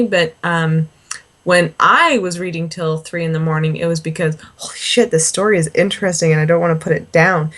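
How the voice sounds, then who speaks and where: A woman co-hosting a podcast, chatting casually and ranting bluntly with lots of swearing and quick mock voices. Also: low-pitched, fairly bright tone. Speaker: podcast co-host. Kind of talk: casual profane chat.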